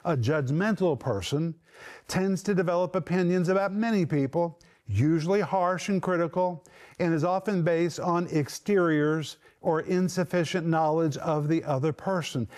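Earnest male preacher, slightly higher voice. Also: moderate pace, a little mellow. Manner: earnest, emphatic, repeats key phrases. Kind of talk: sermon.

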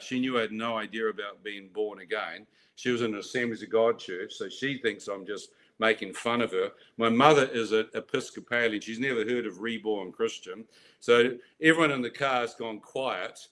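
A man telling his personal faith testimony in an animated way, acting out voices and laughing at his own story. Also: on the low side, moderate pace.

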